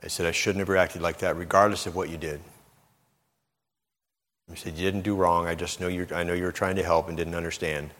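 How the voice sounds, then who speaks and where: A middle-aged man delivers a sermon in a relaxed, conversational way, often repeating words and acting out the voices of the people in his stories. His voice sits very low. It rings with the long reverb of a large hall. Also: brisk, pauses often. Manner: conversational, repeats words, acts out quoted speech. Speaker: preacher.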